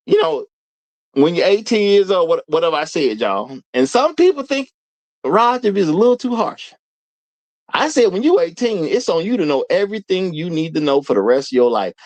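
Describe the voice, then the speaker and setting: High-voiced guy hosting a live stream, super animated, keeps repeating himself and going "y'all". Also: dry recording, poor audio. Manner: animated, repeats lines for emphasis, addresses viewers as y'all. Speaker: host of a live commentary show. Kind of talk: casual live commentary.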